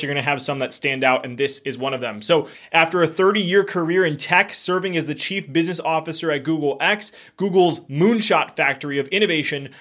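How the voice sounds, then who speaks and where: A young man hosts a podcast in an effusive, emphatic, upbeat way. His voice sits a little high for a man. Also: fairly bright tone. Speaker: podcast host. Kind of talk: enthusiastic podcast intro and interview.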